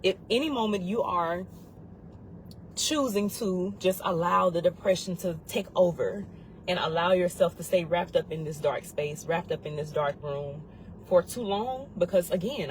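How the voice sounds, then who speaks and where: A woman's voice: fairly low pitch, a little hiss or hum, rough recording. A woman giving a heartfelt motivational talk on grief, earnest and urgent, repeating key phrases for emphasis. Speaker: grief support speaker.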